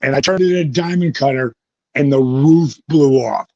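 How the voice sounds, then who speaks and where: A man being interviewed, telling lively, profane stories and acting out the voices of the people in them. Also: medium pitch, a little fast, no echo. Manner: vivid, profane storytelling that acts out quoted voices. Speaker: guest, former pro wrestler. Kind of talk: animated storytelling interview. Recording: dull lo-fi recording.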